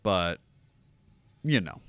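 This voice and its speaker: A man's voice: sits low, very animated, drawn-out words, fairly bright tone, dry recording. A young man from the United States hosting a casual watch-along stream, ranting and rambling with plenty of swearing. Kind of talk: casual livestream chat. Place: home room.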